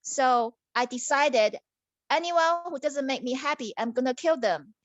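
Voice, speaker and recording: A woman's voice: sits high, unhurried, no echo, highs cut off. A woman voicing a cold and cruel young princess in a puppet story, haughty and stern.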